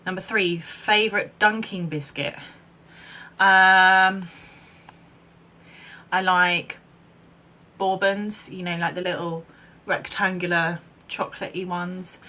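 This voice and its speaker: A woman's voice: on the low side, pushed and bright, a little hiss or hum. A young woman in her twenties from England chatting casually to camera, rambling with lots of "um" and "like". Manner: chatty, rambling, many ums and likes. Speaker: vlogger.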